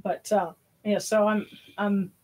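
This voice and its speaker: Husky, breathless woman hosting a livestream. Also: mid-range voice, a little slow. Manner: rambling, with many fillers and restarts. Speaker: host of a spiritual livestream. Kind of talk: casual livestream chat.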